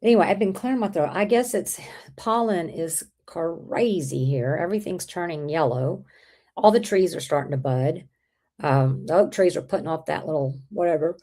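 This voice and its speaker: A woman hosting a casual livestream, chatting with viewers, with an irritated throat she keeps clearing. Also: low voice, normal speed, dark tone. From Texas. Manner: chatty, rambling, reads out viewer comments. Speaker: livestream host.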